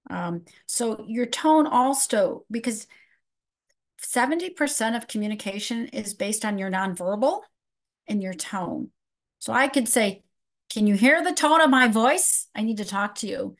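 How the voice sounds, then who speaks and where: Woman presenter answering webinar questions. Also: mid-range voice. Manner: conversational, answers questions from the chat. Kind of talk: live webinar Q&A.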